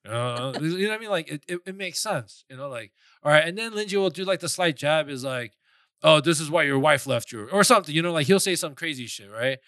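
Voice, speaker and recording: A man's voice: fairly high pitch, lively intonation, quick pace, hardly any pauses, a bit bright, dry recording, studio quality. A young man from Queens, New York, chatting as a podcast guest, joking, laughing often and cursing, then apologizing. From Flushing, Queens, New York. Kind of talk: casual chat.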